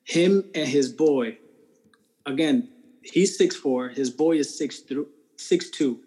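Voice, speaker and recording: Being interviewed, a man with a voice on the high side shares his personal faith testimony slowly, casually and earnestly, often checking in with "right?". His tone is mellow with a breathy edge, and the recording is rough.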